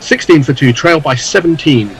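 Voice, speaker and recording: A man's voice: on the high side, normal speed, gravelly, poor audio. Dry-witted male cricket commentator. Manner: dry, wry asides between deliveries.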